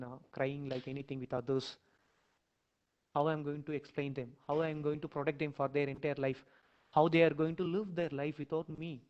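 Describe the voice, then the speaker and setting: A man with an Indian English accent, lecturing and leading listeners through a dramatic imagined scene, repeating phrases and surging loud in emotional stretches. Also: on the high side, rough recording. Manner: dramatic, repetitive, rising to near-shouts in emotional passages. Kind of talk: guided imagination exercise in a lecture.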